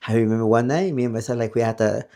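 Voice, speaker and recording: A man's voice: mid-range voice, moderate pace, warm tone. A middle-aged man co-hosting a podcast, telling a ghost story in casual, profane chat that slips into Spanish. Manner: profane, mixes Spanish into English. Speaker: podcast co-host.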